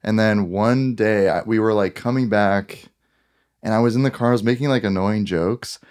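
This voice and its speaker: A young male co-host with a fairly low voice tells a story in easygoing podcast chat. He is casual and pokes fun at himself. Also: moderate pace, a little mellow. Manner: easygoing, self-deprecating storytelling.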